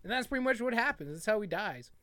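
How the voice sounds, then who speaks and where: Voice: medium pitch, animated, fast talker, over a noisy crowd. A podcast co-host in casual film chat, telling stories in a rambling way full of fillers. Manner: rambling, filler-heavy storytelling.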